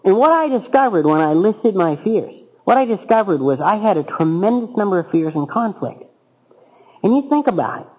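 Wry storytelling man, fairly high voice. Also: big pitch swings, moderate pace, a little mellow, husky, highs cut off. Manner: wry, self-mocking storyteller. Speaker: recovering alcoholic telling his story at a meeting. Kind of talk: humorous personal storytelling talk.

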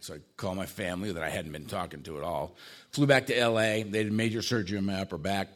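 A man's voice: sits low, fast talker. Man telling his life story, wry. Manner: conversational, tag questions, dark humor. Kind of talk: personal testimony talk.

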